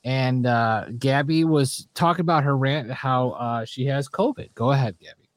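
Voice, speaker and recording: A man's voice: medium pitch, moderate pace, no room sound, studio quality. A man hosting a casual livestream show, greeting viewers in the chat by name and joking around. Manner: shouts out viewers, loose and joking.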